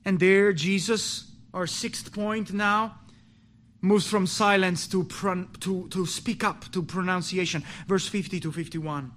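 A man preaching a sermon with passion, rising to loud pleading and dropping to low, quiet stretches, often restarting his words. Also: fairly even intonation, slow. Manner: impassioned, swings from pleading loud to low and hushed.

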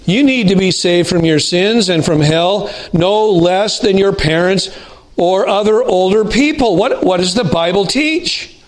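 Male pastor, fairly high voice, deliberate sermon delivery with emphatic pauses.

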